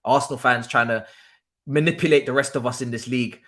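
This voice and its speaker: A man's voice: medium pitch, fairly even intonation, quick pace, a bit bright. A young man hosting a football watchalong stream, ranting emphatically and repeating himself with laughs. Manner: emphatic, repetitive, laughing ranter. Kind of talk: casual ranting livestream chat.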